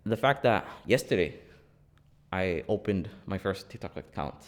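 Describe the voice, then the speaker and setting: The young co-host keeps the studio conversation light with animated, funny anecdotes, laughing and impersonating the people he quotes. His low voice moves at a normal speed.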